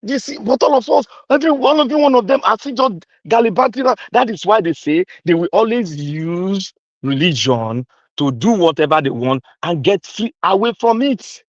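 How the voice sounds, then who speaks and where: A man's voice: sits high, animated, normal speed, no echo, highs cut off. A man with a Nigerian accent delivering an angry, accusing political rant, repeating himself and slipping into pidgin. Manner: mixes in pidgin. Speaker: commentator.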